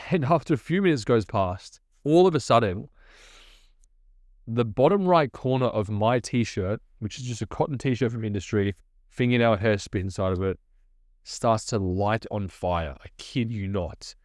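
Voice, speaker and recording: A man telling his personal testimony in a lively, conversational storytelling manner. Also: on the low side, unhurried, dry recording, clean studio sound. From Australia.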